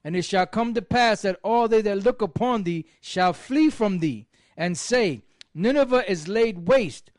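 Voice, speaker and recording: A man reading a long scripture passage aloud in a steady, declamatory way. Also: high voice, measured pace, dry recording. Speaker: scripture reader in a religious group.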